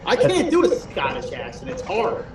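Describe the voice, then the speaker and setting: Pria kasar yang suka bercanda, suara bergema dari jauh. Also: male voice, fairly high pitch, fairly quick, reverberant, recorded from a distance, very noisy. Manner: crude, joking, lively. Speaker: livestream co-host. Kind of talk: casual livestream chat.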